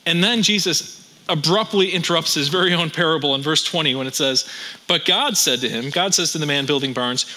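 Bright-voiced man preaching with wry humor. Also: fairly high pitch, a little fast, low-quality recording. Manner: wry humor with rhetorical questions. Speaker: pastor. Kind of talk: sermon.

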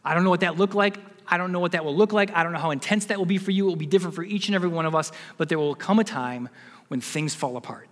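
A man's voice: on the high side, a bit bright, long reverb tail. A man in his forties, a pastor giving a sermon, telling a personal story and building to emphatic preaching.

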